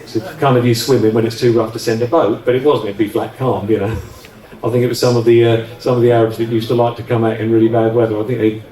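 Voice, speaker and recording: Speaking quickly with a flat delivery and dark tone at medium pitch, an ex-offshore radio DJ shares memories in an on-stage interview. His talk is rambling and chatty with lots of restarts, captured roomily by a distant mic.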